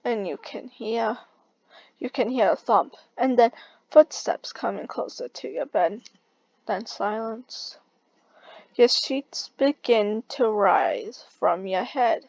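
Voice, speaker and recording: Slow, halting woman reading a story. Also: fairly high pitch, expressive, a little mellow, dry recording, lo-fi sound. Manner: halting, stumbling reading with restarts. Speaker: story reader. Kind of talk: reading a second-person fan story aloud.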